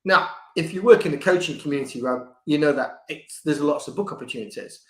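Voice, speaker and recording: An older man, a book coach, talking in a conversational interview, lively and restarting his sentences, sometimes acting out quoted voices. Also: fairly high pitch, fast. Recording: echoey room.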